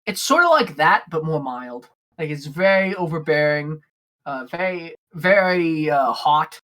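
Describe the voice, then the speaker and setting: Woman game master narrating, bright voice, lots of ums, lively pitch. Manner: halting, lots of fillers.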